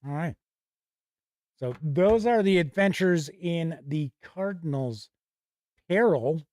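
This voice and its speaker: A man's voice: a little high, animated, slow pace, warm tone, no echo. A middle-aged man hosting a casual livestream, reading passages aloud from old game books and correcting himself as he goes. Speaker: host.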